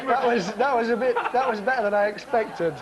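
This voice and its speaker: A man's voice: very high-pitched, brisk, dull audio, over a noisy crowd, very noisy. A man hosting a comedy magic show, talking to camera and to passers-by in cheeky, chatty, joking street patter outdoors.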